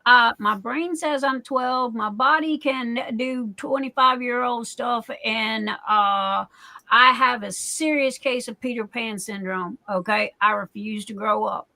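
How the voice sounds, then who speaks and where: Woman in her forties, livestream host; bright, rather high voice, emphatic chatty delivery. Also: low-quality recording. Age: 40s. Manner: emphatic, repeats herself, keeps asking "okay?". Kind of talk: casual live chat.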